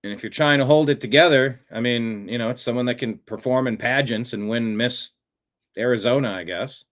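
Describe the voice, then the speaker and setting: A man's voice: medium pitch, a little fast, fairly bright tone. A male show host commenting on played clips in a casual, conversational way and reading out viewer comments.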